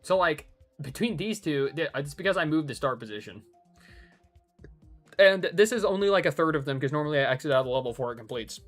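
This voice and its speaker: A man's voice: a little high, lively intonation, fast, soft background music. A man streaming a hard game live, talking casually with an exasperated, rambling and joking manner.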